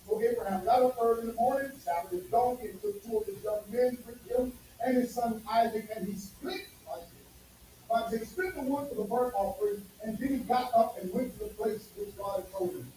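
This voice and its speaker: A man preaching a sermon, talking emphatically with loud bursts and sudden drops to near quiet. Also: extremely high pitch, brisk. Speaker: pastor. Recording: echoey room from far off, faint noise.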